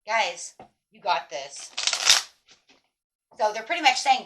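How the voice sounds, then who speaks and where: A woman giving a casual tarot reading, talking straight to her viewers in an animated, emphatic way and swearing now and then. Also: mid-range voice, slow, long pauses, a little hiss or hum. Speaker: tarot reader.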